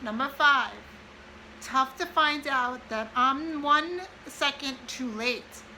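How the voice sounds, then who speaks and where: A woman in her forties, a mother, reading a list from an old notebook aloud in a casual vlog, tearful and pausing to compose herself. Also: sits high, sharp tone, a little hiss or hum, poor audio. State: crying.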